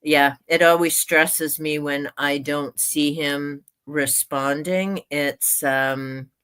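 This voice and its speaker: A woman's voice: low-pitched, steady tone, takes it slowly, fairly bright tone, smooth. A woman hosting a casual livestream, chatty and laughing often as she drifts into rants. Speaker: streamer and author hosting a reading sprint.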